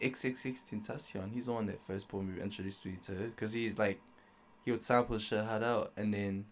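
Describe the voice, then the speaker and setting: A man's voice: fairly low pitch, fairly even intonation, brisk. A young man, a dancer guest in a podcast, telling stories in casual slangy chat and laughing often. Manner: laid-back slangy storytelling, laughs often.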